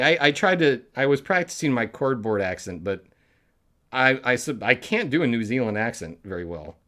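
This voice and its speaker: A man's voice: fairly low pitch, a bit bright. A man hosting a live comedy stream, chatting casually with viewers in a rambling way with muttered asides.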